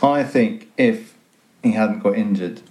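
Brief: low, dark-voiced man, relaxed podcast panellist. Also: slow. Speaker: podcast co-host. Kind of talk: casual chat.

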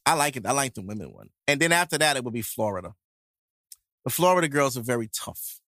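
Podcast co-host, New man, lively crude banter, pitch jumps all over, dry close sound. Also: fast, no echo. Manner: animated, crude, joking banter. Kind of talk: casual podcast chat.

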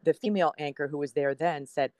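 A woman's voice: low voice, fast, dark tone, no echo. A woman in her sixties, a TV meteorologist guest, telling a personal story in a podcast interview and acting out what people said. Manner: chatty storyteller, acts out quoted dialogue.

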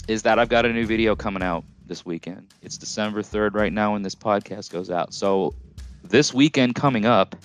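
A man hosting his own podcast alone, rambling and joking casually with lots of fillers. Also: lowish voice. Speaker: podcast host.

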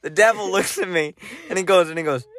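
A man's voice: sits high, fairly quick, a bit bright. A young man co-hosting a podcast, telling a self-mocking story in casual chat and acting out his own lines. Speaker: podcast co-host.

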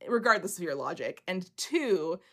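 A woman's voice: on the low side, sing-song, moderate pace, a bit bright. A young woman co-hosting a podcast in casual chat, playful and teasing, laughing often. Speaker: podcast co-host.

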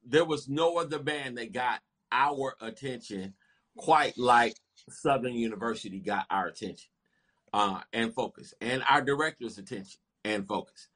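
Animated man with a bright, forceful voice. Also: medium pitch, normal speed. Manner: animated, lively storytelling with laughter. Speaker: guest. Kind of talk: storytelling in casual chat.

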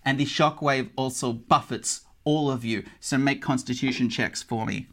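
Man, game master, measured descriptive narration, mid pitch. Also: fairly even intonation, a bit bright.

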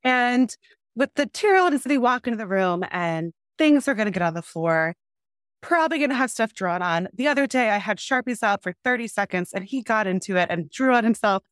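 A woman's voice: a little high, animated, fairly quick, clear, resonant tone, dry recording, clean studio sound. A young woman, a mother of two small children, talking candidly and a bit rambling on a coaching call. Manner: candid, rambling, acts out her kids' lines. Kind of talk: casual coaching conversation.

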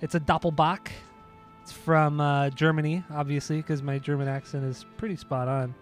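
A man's voice: fairly high pitch, little pitch movement, moderate pace, soft background music. Joking young man with a throat tickle. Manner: joking, teasing, stumbling over foreign names. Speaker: podcast co-host reviewing beer. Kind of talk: casual chat.

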